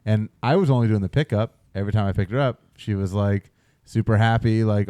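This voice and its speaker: A man in his thirties co-hosting a podcast, telling a story in a relaxed, casual way with quick restarts. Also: on the low side, clear, resonant tone, no room sound. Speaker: podcast co-host. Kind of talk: casual chat.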